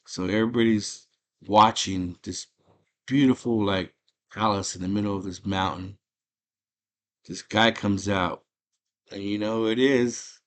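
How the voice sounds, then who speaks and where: Casual male host, low-ish voice, animated plot retelling. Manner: animated storytelling, acting out character lines in quick impressions. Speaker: movie podcast host.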